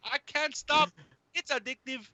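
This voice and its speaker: A man's voice: extremely high pitch, fairly even intonation, measured pace, bright, forceful tone, no echo. A man co-hosting a podcast, talking in an exaggerated comic put-on voice and ranting with plenty of profanity. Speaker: podcast co-host. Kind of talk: casual comedic chat.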